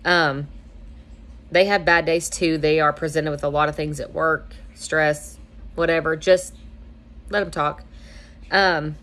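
Young woman host, lowish voice, chatty, acts out bits of dialogue. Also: fairly even intonation, a little slow, pauses often, fairly bright tone. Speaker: host giving marriage advice. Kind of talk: casual advice talk.

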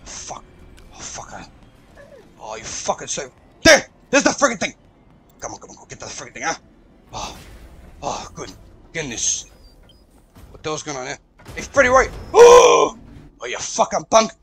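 A man hosting a let's play, reacting loudly and profanely, yelling at the game as he plays. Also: fairly high pitch, normal speed, vocal fry, pauses often, slightly rough. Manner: excitable, profane, shouts at the game. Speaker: gaming channel host.

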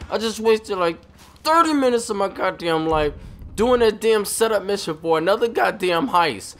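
A man giving casual commentary over his video game playthrough, profane and excitable, full of trash talk. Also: high-pitched, moderate pace, a little hiss or hum. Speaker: gaming channel host.

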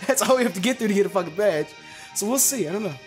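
Loud, animated young Let's Play commentator. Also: medium pitch, rapid-fire, faint music behind. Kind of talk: gaming commentary. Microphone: desk mic with facecam.

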